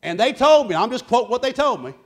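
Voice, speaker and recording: A man preaching a sermon, loud and boisterous, telling folksy stories between points. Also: extremely high pitch, big pitch swings, quick pace. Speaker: pastor.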